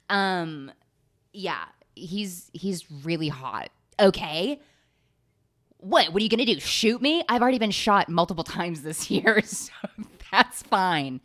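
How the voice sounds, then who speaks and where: Rambling, sarcastic young woman. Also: mid-range voice. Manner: rambling, sarcastic, swears freely, laughs often. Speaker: podcast host. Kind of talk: casual comedic recap.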